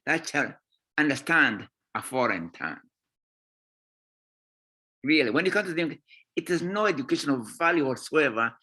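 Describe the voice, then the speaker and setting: Emphatic man with a bright voice. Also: fairly high pitch. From Kenya. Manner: emphatic, often checks in with "eh?" and "right?". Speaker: guest author. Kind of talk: impassioned talk in a conversation series.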